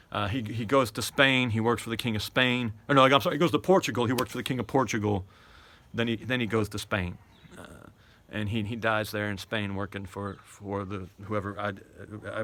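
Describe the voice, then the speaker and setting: Bright-voiced man, halting emphatic monologue. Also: fairly low pitch. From United States. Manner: halting, repeats words often, rising to emphatic declarations. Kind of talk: unscripted monologue.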